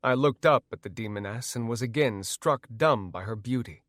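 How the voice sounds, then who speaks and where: A man narrating a first-person audiobook in an expressive, storytelling way. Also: medium pitch, normal speed, dry recording, clean studio sound.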